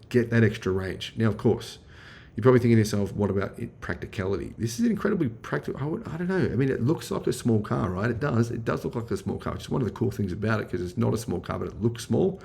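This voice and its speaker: A lowish, gravelly voice with a dark, mellow tone. This Australian man talks up a car in a chatty, enthusiastic way, piling on fillers as he reviews it for his vlog. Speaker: car vlogger.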